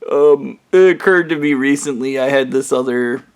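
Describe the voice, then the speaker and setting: A man's voice: mid-range voice, moderate pace, clean tone. A man talking straight to the camera in a rambling personal monologue, ranting in an agitated, profane way and often restarting his sentences. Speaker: vlogger.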